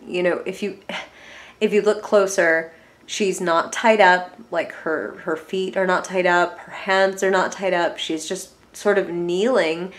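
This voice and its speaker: Chatty woman tarot reader, roomy echo. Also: mid-range voice. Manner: chatty, giggly, lots of filler words. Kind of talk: casual tarot reading video. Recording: echoey room.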